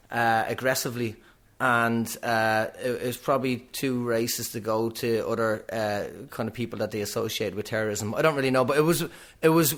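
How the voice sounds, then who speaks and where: A middle-aged man with a Dublin Irish accent tells stories in a relaxed podcast conversation. He talks quickly and animatedly and clips his phrases short. His voice sits at an ordinary pitch for a man. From Ireland. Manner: animated storyteller, quick clipped delivery. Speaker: guest comedian. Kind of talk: casual podcast chat.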